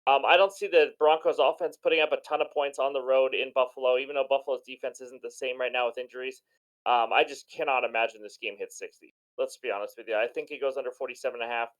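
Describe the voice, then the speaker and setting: A man hosting a sports betting show, giving enthusiastic and chatty commentary on his picks in a hoarse voice. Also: mid-range voice, fairly even intonation, fast talker, rough recording. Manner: enthusiastic, chatty, self-deprecating. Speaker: sports betting channel host.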